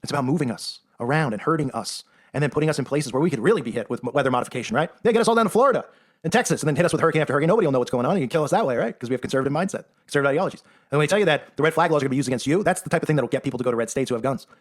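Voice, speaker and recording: A man with a fairly high, expressive voice delivers rapid-fire monologue commentary as an online commentator. He's sarcastic and emphatic, often capping his points with "right?"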